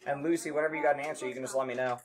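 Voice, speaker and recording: Brisk joking man teaching a class. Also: mid-range voice, steady tone. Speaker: middle school math teacher.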